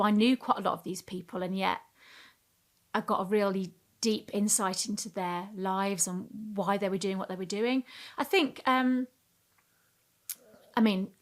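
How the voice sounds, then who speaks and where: A middle-aged woman, a communication coach talking expressively in a podcast interview, shifting her pitch and pace for emphasis.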